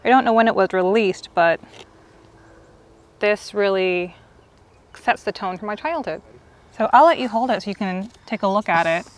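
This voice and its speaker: Woman in her 40s gushing to her idol, earnest, a bit teary, even middle voice. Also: mid-range voice, normal speed, pauses often. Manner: earnest, gushing, near tears. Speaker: host. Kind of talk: emotional fan tribute.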